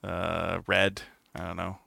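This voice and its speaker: A man's voice: low-pitched, monotone, slow, gravelly, sharp tone, dry recording, clean studio sound. A man co-hosting a gaming podcast, laughing often and trailing off into hesitant answers. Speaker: podcast co-host. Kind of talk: casual chat.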